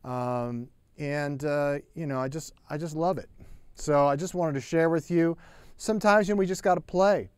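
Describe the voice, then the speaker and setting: A man giving a relaxed, chatty drum lesson, counting beats aloud as he plays. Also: fairly high pitch, moderate pace, clean tone, dry recording. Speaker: drum teacher. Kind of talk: casual spoken drum lesson.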